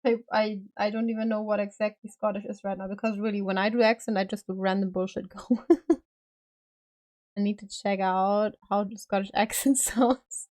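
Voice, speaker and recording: A woman's voice: mid-range voice, little pitch movement, moderate pace, a little mellow. Rambling woman streamer chatting while painting. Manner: rambling, loose, with many fillers and casual swearing. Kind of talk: casual live-stream chat while painting a figure.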